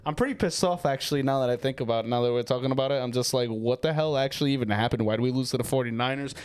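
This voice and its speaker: A man's voice: medium pitch, quick pace. Fired-up man ranting about football. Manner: fired-up, ranting, swears freely. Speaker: sports podcast co-host. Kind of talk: heated casual sports talk.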